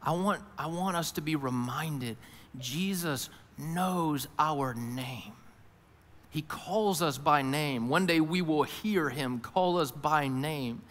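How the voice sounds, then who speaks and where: A male pastor preaching a sermon, who moves between hushed, intimate lines and loud, emphatic ones and often speaks in the first person as the people he describes. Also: fairly high pitch, slow pace. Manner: voices Jesus and worried listeners in first person. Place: church auditorium. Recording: long hall reverb.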